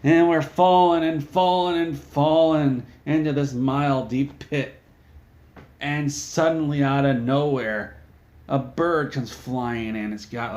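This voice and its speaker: A man telling an absurd comic story in a deadpan way, dropping in mock ad plugs. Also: mid-range voice. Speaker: comedic storyteller.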